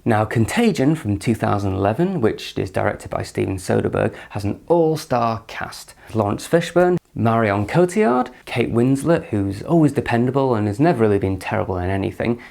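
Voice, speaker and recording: A man's voice: fairly low pitch, sing-song, moderate pace, vocal fry, few pauses, darkish tone. A man hosting a casual film review from his living room, with dry, sarcastic humour.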